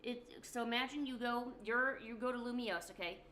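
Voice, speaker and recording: A woman's voice: fairly high pitch, moderate pace, pushed and bright, a little hiss or hum. A woman streamer chatting casually, telling a rambling, joking story. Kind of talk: casual livestream chat.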